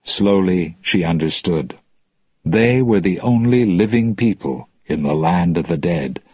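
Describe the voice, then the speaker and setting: A man narrating an audiobook in a slow, deliberate, plain reading. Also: low voice, animated, dark tone, husky, no echo.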